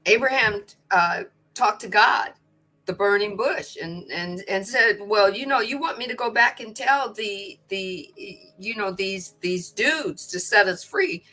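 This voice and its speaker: A woman's voice: medium pitch, measured pace, bright, forceful tone. A woman co-hosting a spiritual study livestream, speaking expressively, repeating words and acting out quotes as she talks. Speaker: co-host. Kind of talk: casual spiritual chat.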